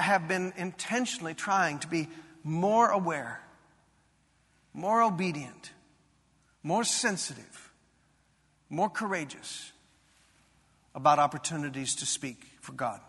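A male pastor with a high, bright, forceful voice delivers a sermon built around a personal story. He tells it in an earnest, confessional way that rises to fervent emphasis, and the large sanctuary gives a long reverb.

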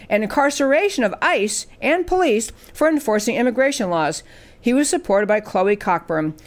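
A woman hosting a political talk show, speaking emphatically and asking rhetorical questions. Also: mid-range voice. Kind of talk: political commentary.

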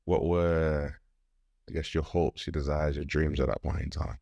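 A man's voice: a bass voice, steady tone, normal speed, gravelly, dark tone, no room sound, lo-fi sound. A man hosting a podcast interview, asking upbeat, teasing questions. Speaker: podcast host. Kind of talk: conversational interview. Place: podcast booth.

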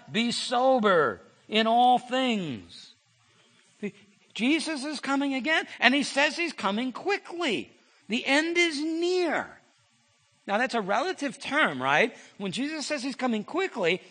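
Husky, lively-voiced preacher man. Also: high-pitched. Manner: conversational preaching with restarts and asides. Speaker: pastor. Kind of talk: sermon. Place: church sanctuary.

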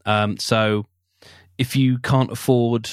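A man's voice: medium pitch, fairly even intonation, takes it slowly, clean tone, dry recording, studio quality. A man in a casual interview, talking hesitantly with many restarts and a wry humour.

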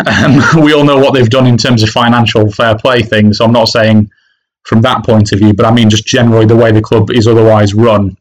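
A man's voice: lowish voice, little pitch movement, fairly quick, rough recording. A man co-hosting a casual football podcast, talking with frequent restarts and fillers. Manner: hesitant, many restarts and fillers. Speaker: podcast co-host, football fan.

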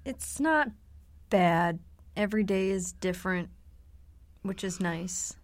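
Slow-talking young woman co-host. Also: mid-range voice, animated, no echo. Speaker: podcast co-host. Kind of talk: casual chat.

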